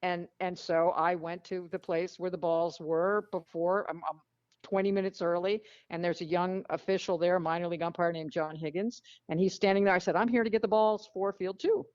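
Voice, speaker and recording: A woman tells frank, animated stories as an interview guest, blunt and lively in her delivery. The recording is muffled and lo-fi. It is also very dry, with no room sound. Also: fairly low pitch, moderate pace, clear, resonant tone, no echo. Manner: animated, frank storyteller who acts out quotes. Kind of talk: storytelling in a casual interview.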